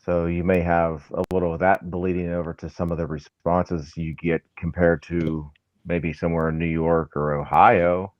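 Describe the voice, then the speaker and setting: A man's voice: low voice, flat delivery, normal speed, no room sound, dull audio. A man who is a firefighter and paranormal investigator, chatting hesitantly as a podcast guest with lots of restarts. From American South. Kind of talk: casual podcast chat.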